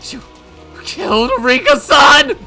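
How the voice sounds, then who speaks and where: A man's voice: extremely high pitch, sing-song, normal speed, creaky, faint music behind, pitched above the performer's own voice, heavily acted. A man voicing a grief-stricken teenage girl in a murderous rage, screaming threats through sobs. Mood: frantic screaming. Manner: shrieking, sobbing, screamed threats. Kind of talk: visual novel voice acting.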